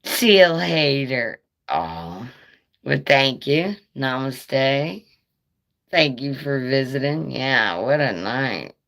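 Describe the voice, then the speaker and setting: A woman's voice: very deep voice, sing-song, drawn-out words, creaky, fairly bright tone. A middle-aged woman telling a rambling story on a live stream, swearing freely and breaking into laughter. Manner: rambling, profane, laughing asides.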